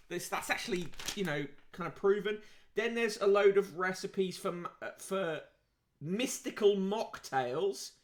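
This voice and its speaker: Male podcast host, high bright voice, dry sarcastic reader-commentator. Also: slight background noise. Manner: wry, sarcastic asides between readings. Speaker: podcast host reviewing print media. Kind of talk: casual read-aloud commentary.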